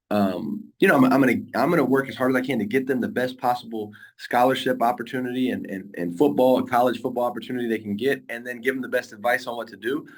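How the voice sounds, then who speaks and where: A man who coaches high school football, talking earnestly in a casual interview, rambling with frequent restarts.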